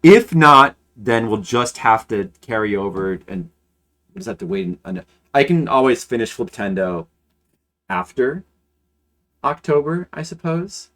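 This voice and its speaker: A man's voice: medium pitch, very animated, measured pace, fairly bright tone. A man streaming games, chatting casually and thinking aloud, rambling with frequent restarts. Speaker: game streamer. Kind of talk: casual live-stream chat.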